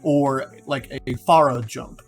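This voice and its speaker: A man's voice: medium pitch, steady tone, slow pace. Rambling young man talking game ideas. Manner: rambling, self-correcting, lots of fillers. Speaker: gaming video creator. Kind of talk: casual commentary on game hero concepts.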